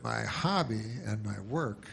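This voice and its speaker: A man doing a stand-up comedy set, deadpan and rambling, with many asides and put-on voices. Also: on the low side, slow pace, gravelly. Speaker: stand-up comic.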